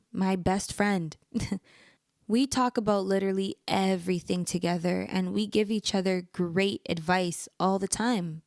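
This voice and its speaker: Young woman talking straight to you, earnest and encouraging, dry close sound, mid pitch. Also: a little mellow, no room sound. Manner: earnest, encouraging, speaks directly to the listener. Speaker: podcast host. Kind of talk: personal advice monologue.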